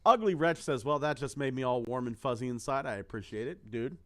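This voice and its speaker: A man's voice: medium pitch, a little fast, a bit bright. A man co-hosting a casual podcast, reading out song lyrics and viewer comments and swearing freely. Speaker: co-host.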